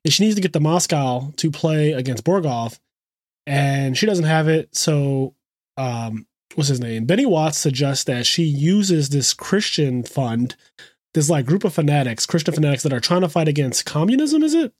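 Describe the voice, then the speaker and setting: A man co-hosting a podcast, retelling scenes in a casual, animated way with quick asides. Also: a little high, no echo, studio quality. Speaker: podcast co-host. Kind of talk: casual chat.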